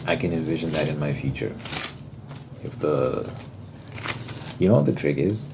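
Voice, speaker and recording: A young man with an extremely deep, low voice rambles loosely in a casual ASMR chat, dropping the occasional swear word. Clear noise sits under the recording, with tapping and shuffled cards behind him. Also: expressive, normal speed. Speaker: ASMR creator. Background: tapping and card shuffling noise.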